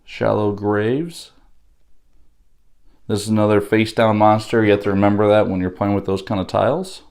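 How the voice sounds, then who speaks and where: A man with a fairly low voice, a little hoarse yet still smooth and resonant underneath. He walks through an unboxing in an unhurried, halting way, with frequent pauses and fillers. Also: fairly even intonation, darkish tone. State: slightly hoarse from losing his voice. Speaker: board game unboxing host. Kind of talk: casual unboxing walkthrough.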